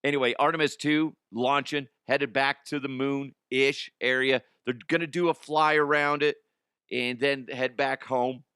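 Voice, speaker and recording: Bright-voiced joking comedy show host, a man. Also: mid-range voice, fairly even intonation, a little slow, smooth, dry recording, studio quality. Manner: crude, joking, exasperated. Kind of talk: irreverent comedy banter.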